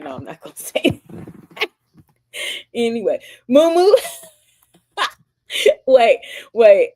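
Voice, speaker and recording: A woman hosting a live-stream book discussion, reading passages aloud and chatting upbeat with commenters. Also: lowish voice. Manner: chatty, reads aloud and answers chat comments; upbeat and gushing. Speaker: book club host.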